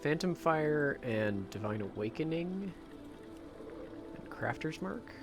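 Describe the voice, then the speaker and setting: A man's voice: a little high, sing-song, slow, music in the background. A man hosting a casual gameplay livestream, chatting in a rambling way and swearing now and then.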